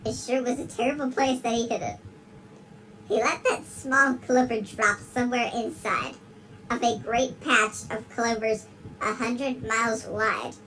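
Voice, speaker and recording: In a storytelling mood, a big-lipped alligator character, voiced by a performer, reads a rhyming storybook dramatically and keeps dissolving into giggles. The mid-range delivery is steady, measured, pushed and bright. There's a little hiss or hum on this low-quality recording.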